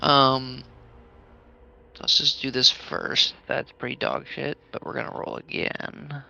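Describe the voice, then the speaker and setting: A man's voice: medium pitch, little pitch movement, slow pace, creaky, sharp tone, rough recording. A man playing a tabletop game who swears freely and jokes at his own bad rolls. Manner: swears freely, joking and self-mocking. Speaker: player. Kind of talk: casual game chat.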